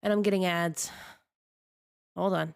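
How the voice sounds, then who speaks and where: A woman's voice: on the low side, fairly even intonation, a little slow, vocal fry, smooth. A woman streamer chatting casually on a live stream, ranting in an exasperated way and laughing often.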